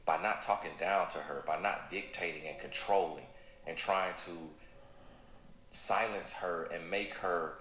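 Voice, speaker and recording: A man speaking calmly and earnestly about relationships in a played clip. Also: low voice, unhurried. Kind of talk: measured speech on relationships. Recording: echoey room with faint background noise.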